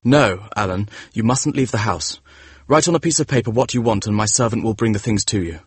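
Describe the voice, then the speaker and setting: A man reads a desperate young gentleman pleading in an audiobook. The voice is lowish and husky, urgent and quietly insistent, recorded close and dry. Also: fairly quick, dry recording. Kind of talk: audiobook dialogue.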